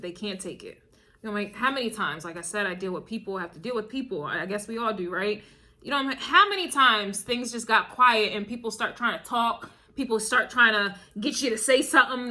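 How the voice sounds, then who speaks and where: A woman's voice: on the high side, pushed and bright. A woman doing a casual spiritual tarot reading, emphatic and repetitive, chuckling now and then and calling the listener baby. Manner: emphatic, repeats phrases, chuckles often, calls listener baby. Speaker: tarot and astrology reader.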